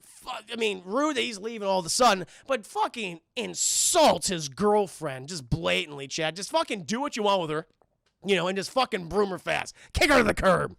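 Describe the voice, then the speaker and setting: A man recapping a film for a live chat in an excitable, profane way, constantly addressing the viewers. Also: sits high, moderate pace, creaky, no room sound, clean studio sound. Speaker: film reviewer and streamer.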